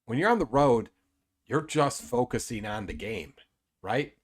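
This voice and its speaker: A man co-hosting a sports podcast who talks things through in loose, unhurried chat. He restarts his sentences and fills the gaps with ums and you-knows. His voice sits at an ordinary middle pitch. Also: lively intonation, slightly rough. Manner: rambling, hesitant, with many fillers. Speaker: podcast co-host.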